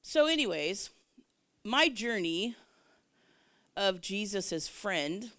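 A woman with a fairly low voice tells a personal story of faith in a chatty, animated way. She laughs often and acts out the voices of the people in the story. The sound is close and dry, with no room echo. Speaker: Christian minister. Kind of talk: personal testimony, casual storytelling.

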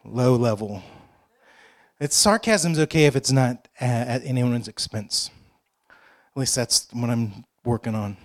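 A man's voice: medium pitch, measured pace. A male pastor preaching a sermon in a conversational way, with joking asides to the congregation and phrases repeated for emphasis.

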